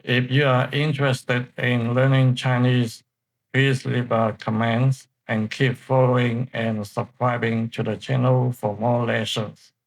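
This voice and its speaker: Slow, deliberate male language teacher. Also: medium pitch, little pitch movement, rough recording. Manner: slow, deliberate explanation with pauses. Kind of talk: online pronunciation lesson.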